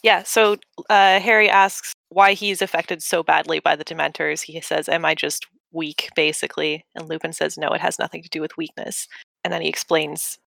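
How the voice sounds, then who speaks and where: A woman co-hosting a casual book discussion podcast, speaking in a measured way and reading passages quietly. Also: sits low, steady tone, creaky, no echo. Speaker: podcast co-host.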